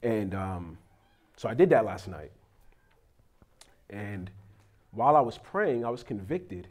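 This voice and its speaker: A man's voice: on the low side, slow. Conversational pastor man preaching. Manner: conversational, confessional, animated storytelling. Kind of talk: sermon with prayer.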